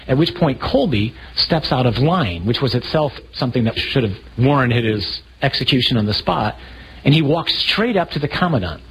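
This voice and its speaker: A man preaching a sermon, telling stories with animated, acted-out scenes. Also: medium pitch, moderate pace, a little hiss or hum, low-quality recording. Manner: animated storytelling, acting out scenes with raised voice. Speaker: priest.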